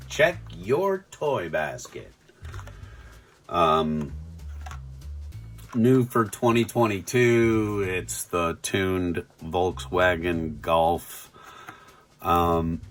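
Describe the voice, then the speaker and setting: Low, slow-talking middle-aged man. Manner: halting, full of ums and restarts; fond, chatty collector. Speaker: toy reviewer. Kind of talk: casual unboxing review.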